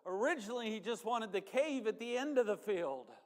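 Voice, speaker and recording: High-voiced pastor in a reverberant church. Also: male voice, lively intonation, brisk. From northern United States. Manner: conversational, folksy asides to the congregation. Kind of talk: sermon. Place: church sanctuary.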